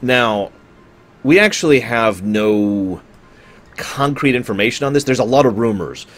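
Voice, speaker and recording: A man with a medium-pitched voice streams and chats casually with his viewers, speaking at a measured pace with lively intonation. He rambles, talks straight to chat, and keeps correcting himself as he goes.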